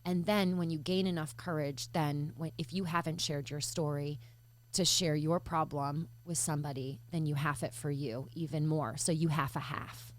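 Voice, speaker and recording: Low-voiced earnest woman from Michigan. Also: steady tone, normal speed. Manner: earnest, searching, with frequent fillers and restarts. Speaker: podcast guest. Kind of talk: reflective interview talk.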